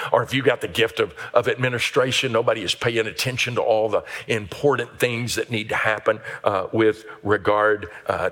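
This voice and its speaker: A middle-aged man delivers a sermon as a pastor. His voice is bright and forward, and he is animated, slipping into character voices for the people in his stories. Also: mid-range voice.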